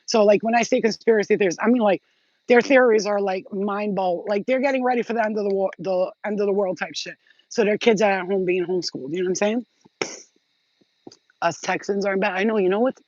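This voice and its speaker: A woman's voice: medium pitch, fast, darkish tone, dull audio. A woman hosting her own channel, telling rambling, profane stories in a casual vlog. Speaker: channel host.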